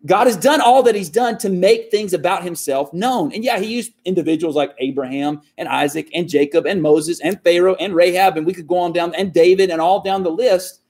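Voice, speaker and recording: A man's voice: sits high, brisk, few pauses, a little mellow, slightly rough. A man preaching a sermon earnestly, shifting his emphasis often. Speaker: pastor.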